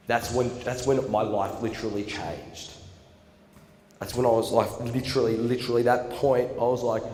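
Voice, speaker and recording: Animated young man in echoey hall. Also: medium pitch. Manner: animated, acts out quotes with big swings in loudness. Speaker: seminar speaker. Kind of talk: storytelling seminar talk. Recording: echoey hall recording, faint room noise.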